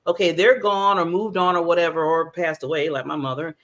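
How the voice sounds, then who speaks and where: A woman's voice: fairly low pitch, fairly even intonation, a little fast. A woman in her fifties, a talk show host, chatting openly and laughing often with her guest. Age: 50s. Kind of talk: casual interview chat.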